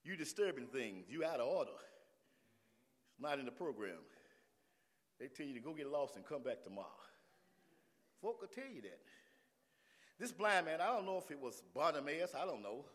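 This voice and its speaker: A man preaching a sermon in a church, his high voice leaping up and down in pitch. He drops to easy talk, then climbs into shouted calls to the congregation. The sound rings with the long reverb of the hall. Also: big pitch swings, moderate pace, pauses often. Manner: builds from talk to shouting, call and response. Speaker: pastor.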